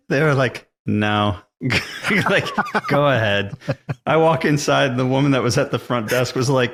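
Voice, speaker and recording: A middle-aged man telling stories as a podcast guest, animated and laughing often. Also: medium pitch, a little slow, vocal fry, a little hiss or hum. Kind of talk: casual chat, storytelling.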